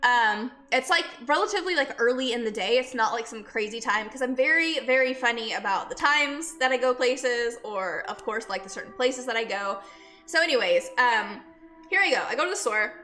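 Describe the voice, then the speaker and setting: A sick, breathless woman talks casually to her live chat in a bright, fairly high voice, stopping mid-story to greet viewers by name. Faint music plays behind her. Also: lively intonation, moderate pace. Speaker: streamer and nurse.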